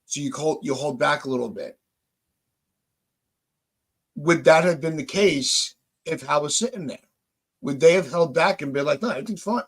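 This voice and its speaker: This man's pitch is fairly high, his pace a little slow, with vocal fry and frequent pauses. Hosting a podcast, he vents in heated casual chat, frustrated and profane, repeatedly restarting his sentences.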